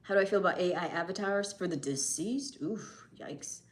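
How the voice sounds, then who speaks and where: A woman's voice: fairly low pitch, moderate pace. A woman host answering viewer questions in a casual, thoughtful chat, musing aloud with plenty of fillers.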